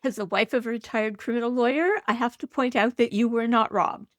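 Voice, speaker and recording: A woman co-host chats on a podcast, speaking precisely and taking care with exact wording. Her voice sits a little high. She is recorded close and dry. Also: brisk, dry recording. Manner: precise, corrects word use. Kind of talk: casual podcast chat.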